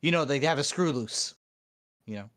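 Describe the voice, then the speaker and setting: Man on a voice chat, slightly high voice, opinionated rambler with lots of ums. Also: animated, normal speed, fairly bright tone. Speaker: watch-along participant. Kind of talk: casual group chat.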